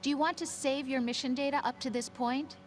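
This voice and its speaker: An actress playing a gentle young woman radio contact who checks in softly. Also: high-pitched, fairly even intonation, a little fast, a little hiss or hum, lightly acted. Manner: soft, attentive radio check-in.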